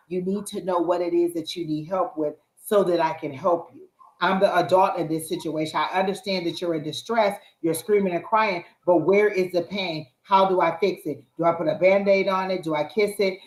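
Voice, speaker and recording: A woman's voice: fairly low pitch, fairly even intonation, normal speed, reverberant, rough recording. A woman tarot reader giving earnest, repetitive spiritual advice in a casual live reading.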